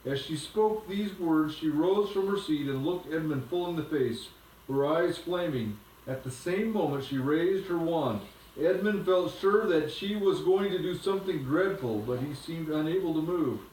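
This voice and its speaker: A man reading a storybook aloud to a child at home, in a gentle, unhurried way. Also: fairly high pitch, slight background noise. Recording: echoey room from a distance.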